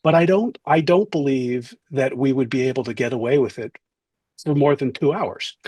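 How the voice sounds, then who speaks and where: A man's voice: medium pitch, moderate pace, darkish tone, husky, no room sound. A middle-aged man telling wry stories in an interview, acting out the voices of people he quotes. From New Jersey, USA. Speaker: author and guest. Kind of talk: interview storytelling.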